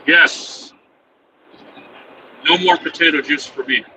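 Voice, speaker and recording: Man, casual swearing storyteller, a bit high-voiced, mic set back, road rumble behind. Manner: profane, rambling, chuckling. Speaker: vlogger telling a story. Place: inside a truck cab. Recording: distant mic with loud vehicle noise.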